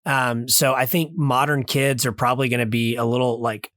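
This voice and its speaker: A man's voice: mid-range voice, flat delivery, moderate pace, fairly bright tone, no echo, clean studio sound. A man in his thirties co-hosting a podcast, reviewing a film in casual chat, rambling with many fillers and restarts. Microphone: remote call mic.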